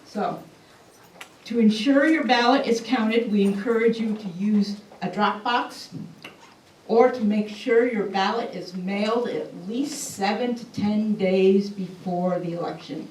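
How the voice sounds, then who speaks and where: A woman moderator speaks very slowly and deliberately, her fairly high voice sounding distant in an echoing meeting hall. Faint room noise sits under her words. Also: darkish tone. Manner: slow, deliberate and instructive. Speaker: forum moderator. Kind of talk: closing announcements. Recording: echoey hall, distant mic.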